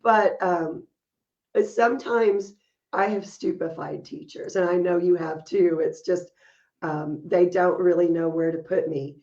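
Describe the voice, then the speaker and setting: A woman's voice: lowish voice, fairly even intonation, a little slow, darkish tone, muffled recording. A woman co-hosting a podcast, telling stories in casual chat and laughing often as she talks. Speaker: podcast co-host.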